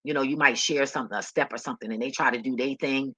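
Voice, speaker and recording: A woman's voice: rumbling low, fairly even intonation, fast talker, a bit bright, breathy edge, no room sound. A woman vlogger telling a story in a blunt, heated, profane rant.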